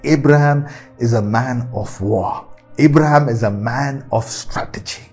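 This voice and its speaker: A man's voice: mid-range voice, measured pace, a little mellow, husky, faint music behind. A man preaching a sermon, repeating key phrases with emphatic, rising delivery.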